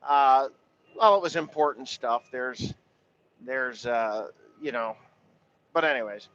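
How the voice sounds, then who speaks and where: A man's voice: mid-range voice, slow pace, a bit bright, dull audio. A man, a farmer, talking in a casual rambling monologue, blunt and profane and full of "you know" fillers.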